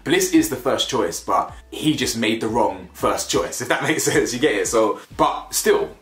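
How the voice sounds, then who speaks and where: A reality TV reviewer gives blunt, slangy, opinionated commentary on a reality show in a casual way, repeating himself for emphasis. His medium-pitched voice is expressive and fairly bright at a measured pace, recorded in an echoey room with faint music.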